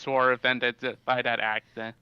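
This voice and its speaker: A man's voice: mid-range voice, flat delivery, moderate pace, smooth, no echo. A man co-hosting a livestream chat in an easygoing, joking way. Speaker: co-host. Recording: dull lo-fi mic.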